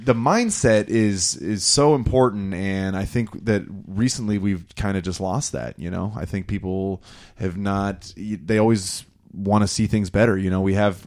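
Man, lowish voice, rambling casual talker, animated. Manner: rambling, animated, lots of "you know". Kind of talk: casual chat.

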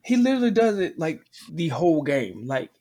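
A man's voice: on the high side, big pitch swings, fairly quick, a loud crowd. A man chatting casually on a sports podcast, joking and teasing. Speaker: podcast co-host.

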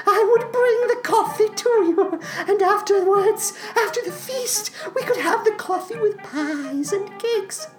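A man's voice: extremely high pitch, a little slow, hardly any pauses, music in the background, voice pushed up, rough recording. A man voicing a weepy, creepy male oddball with celery-stalk fingers, pleading through sobs in a comedy ad. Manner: whimpering, sobbing, fragile pleading. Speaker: podcast host voicing a sponsor ad.

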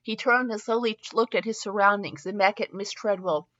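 Her medium-pitched voice is fairly bright and brisk, though the highs are cut off. She hosts a show reading fanfiction aloud, frequently tripping over words and chuckling at herself in comic asides between passages.

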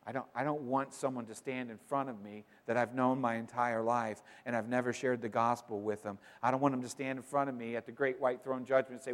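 A man preaching a sermon, emphatic, moving between loud declarations and quiet, conversational asides. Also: medium pitch, flat delivery, a little fast, hardly any pauses. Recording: long reverb of a large hall.

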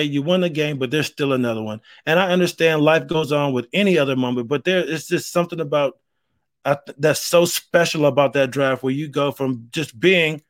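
A man's voice: fairly high pitch, dry recording, studio quality. A man hosting a solo podcast, talking in a rambling, earnest and heartfelt way. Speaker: podcast host. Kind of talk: casual solo podcast monologue.

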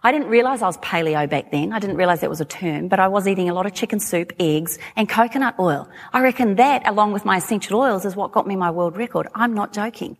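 Australian woman, forties, lively chatty stage talk, long hall reverb. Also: medium pitch, quick pace, hardly any pauses. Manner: chatty, animated, laughing asides. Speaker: speaker. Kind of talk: talk to a live audience.

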